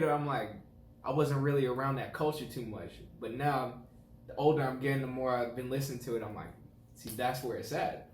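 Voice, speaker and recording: A man gives relaxed, halting answers in a casual interview, circling back over his own words. His voice has a mid-range pitch. The room around him echoes, with a faint noise underneath. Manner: laid-back, hesitant, repeats his words. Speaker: guest. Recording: roomy echo, faint noise.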